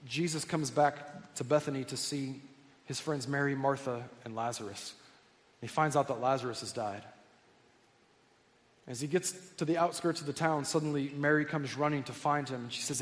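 A man preaching a sermon to his church congregation, telling stories in an earnest, conversational way. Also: on the high side. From United States. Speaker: pastor. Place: church sanctuary. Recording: long hall reverb.

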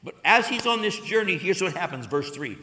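A man pastor preaching a sermon, telling a story with big swings from hushed to loud. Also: high voice, very animated, a little fast. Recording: long hall reverb.

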